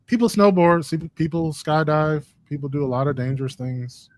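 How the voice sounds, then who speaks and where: A man's voice: a little high, moderate pace, darkish tone, no echo. A man as a guest on a live stream, chatting in an easygoing, agreeable way. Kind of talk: casual live-stream chat.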